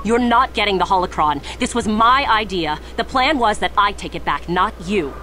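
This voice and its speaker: A woman's voice: mid-range voice, lively intonation, moderate pace, sharp tone, slight background noise. An actress voicing a scheming, ambitious female Sith student in a video game, clipped and self-assured. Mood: coolly defiant. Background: game music.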